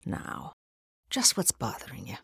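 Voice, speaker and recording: A woman's voice: unhurried, dry recording, clean studio sound, close to an everyday voice. A woman doing a genial, teasing Irish priest. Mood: gently coaxing. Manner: teasing, mellow and throaty, sometimes whispering. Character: Father Cassidy, genial Irish priest, big man. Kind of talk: audiobook character voice.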